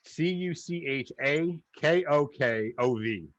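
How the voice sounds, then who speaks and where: A man's voice: fairly high pitch, expressive, takes it slowly, no room sound, muffled recording. A man with a New York accent hosting a casual podcast interview, laughing often and spelling out gag names. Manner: laughs a lot, reads out gag names letter by letter. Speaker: podcast host.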